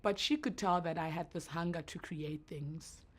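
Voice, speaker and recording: A woman in her thirties with a naturally deep voice, talking earnestly and reflectively as a guest in an interview. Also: moderate pace, slightly rough. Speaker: entrepreneur guest. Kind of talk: emotional interview answers.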